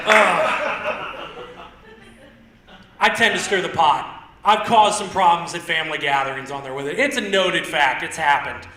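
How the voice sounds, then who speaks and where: A young man from Indiana doing a stand-up comedy set on a theater stage, telling rambling stories and punching lines with sudden shouts. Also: a little high, expressive, takes it slowly, pauses often. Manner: loose, rambling storytelling with stutter-mimicking bits and sudden shouted punchlines. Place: theater stage with live audience. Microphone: handheld stage mic. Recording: roomy theater sound.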